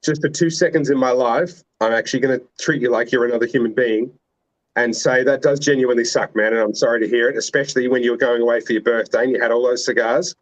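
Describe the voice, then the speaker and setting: A man's voice: medium pitch, steady tone, quick pace. A man hosting a casual chat, teasing and sarcastic. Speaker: host.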